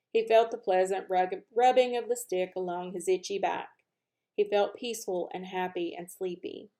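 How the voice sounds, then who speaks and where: Woman reading a children's book aloud. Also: mid-range voice. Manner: expressive, animated narration, speeds up at lively moments. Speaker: children's story reader. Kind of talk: storybook read-aloud.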